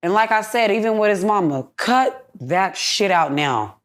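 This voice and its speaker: A woman's voice: medium pitch, lively intonation, unhurried. A young woman, a podcast guest, talking bluntly and heatedly in a candid interview, with plenty of swearing. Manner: blunt, profane, heated ranting.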